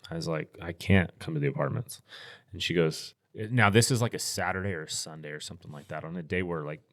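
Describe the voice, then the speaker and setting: Deep-voiced American man telling a story. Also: fast, dry recording, clean studio sound. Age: middle-aged. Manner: relaxed, rambling anecdotal delivery with restarts. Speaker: podcast guest, firearms instructor. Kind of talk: casual storytelling in interview.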